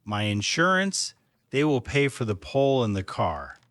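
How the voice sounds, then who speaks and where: A man playing a remorseful young husband after a drunk-driving crash, in a slow scripted learner's story, pleading and desperate. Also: mid-range voice, very animated, fairly bright tone, no echo. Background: faint music.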